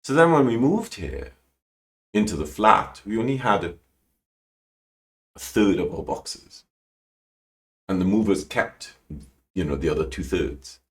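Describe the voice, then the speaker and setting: A man with a very low, deep voice tells a personal story as a podcast guest. He is emotional and animated, leaping up in pitch when he acts out what people said, and he often breaks off and restarts his sentences. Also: measured pace, pauses often. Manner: animated, acts out quoted lines with big pitch jumps. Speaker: guest calligrapher.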